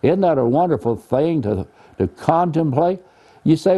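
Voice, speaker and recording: A man's voice: a little high, expressive, moderate pace, dark tone. A man teaching the Bible in an earnest, folksy, plainspoken way, using homely examples. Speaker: preacher.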